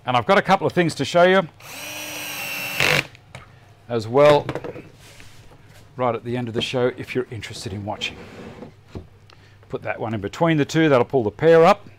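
Aussie bloke mid-aged, chatty woodworking host, pokes fun at himself, mid pitch, bit of workshop noise. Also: male voice, lively intonation, normal speed, pauses often. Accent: Australian. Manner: chatty, self-deprecating, thinks aloud while working. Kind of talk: live workshop demonstration chat.

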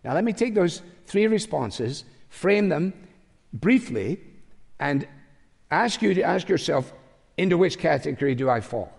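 A man's voice: a little high, lively intonation, a little slow, creaky, a little mellow, husky. An older man preaching a sermon to a congregation, talking conversationally and slipping in wry, humorous asides. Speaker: pastor. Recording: long hall reverb.

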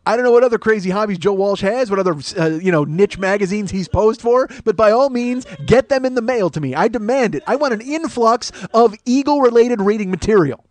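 A man's voice: sits high, a little fast, hardly any pauses, darkish tone, no echo. A man in his forties hosting a comedy podcast, delivering a profane, exasperated solo rant that swings between mock outrage and mumbling. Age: 40s.

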